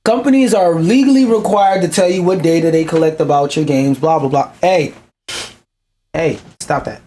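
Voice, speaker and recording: A man's voice: fairly high pitch, brisk, mellow, a little hiss or hum. Young male streamer, casual reaction commentary, swears freely, rants mid-read. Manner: profane, ranting, interrupts reading to complain. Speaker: streamer reading an article aloud.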